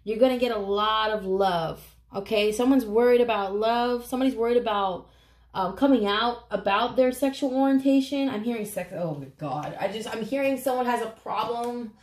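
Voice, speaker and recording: A woman's voice: fairly high pitch, steady tone, moderate pace. Emotional woman tarot reader, echoey room. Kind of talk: casual tarot reading to camera.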